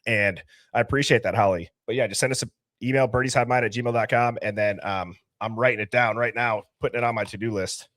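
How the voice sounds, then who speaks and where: A man hosting a casual live stream, reading out viewer names and comments with loud greetings and laughs. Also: mid-range voice, steady tone, fast talker, dry recording, clean studio sound. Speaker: livestream host.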